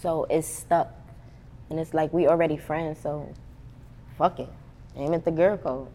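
A young woman from Brooklyn with a New York accent, a rapper speaking bluntly and low-key as a guest in a casual interview. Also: fairly even intonation, unhurried, dark tone. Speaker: rap duo member, guest.

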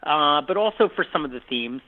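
A film director with a fairly high, expressive voice talks a little fast about his work in a conversational interview, casual and rambling with lots of fillers and restarts. The audio has a tinny phone-line sound.

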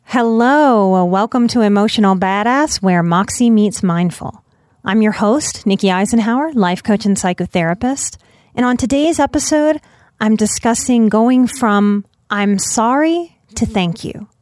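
A woman's voice: mid-range voice, a little slow, darkish tone, no echo, clean studio sound. Earnest woman hosting a self-help podcast. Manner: earnest, reflective, emphatic. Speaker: podcast host, life coach and psychotherapist. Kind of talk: solo podcast monologue.

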